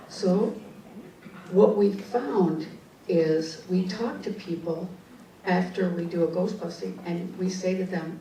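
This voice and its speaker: A woman who works as a psychic, telling a personal story in an animated, conversational way and acting out the dialogue. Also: on the low side, normal speed, slight background noise. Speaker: psychic and ghostbuster. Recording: roomy, distant mic, faint ambience.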